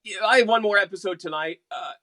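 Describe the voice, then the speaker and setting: A man's voice: high voice, quick pace, sharp tone, no room sound. A man from West Virginia, a veteran radio announcer co-hosting a casual chat show, talking in an easygoing, wry, teasing way.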